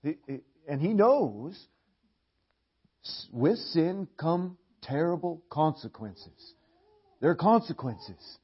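Husky, animated middle-aged preacher. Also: male voice, a little high, takes it slowly. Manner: animated, repeats words, clears throat often. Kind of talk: sermon. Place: church. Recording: dull lo-fi sermon recording.

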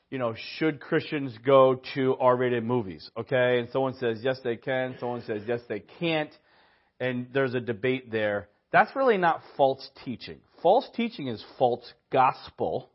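A man teaching at a church in a conversational sermon style, with casual asides and personal stories. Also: medium pitch. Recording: dull lo-fi audio.

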